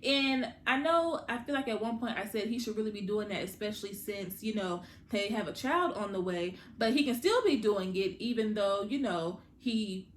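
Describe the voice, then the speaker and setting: A woman hosting a casual TV recap, chatting directly to her viewers and quickly paraphrasing what the characters said. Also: medium pitch. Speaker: TV recap host. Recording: roomy echo with faint background hum.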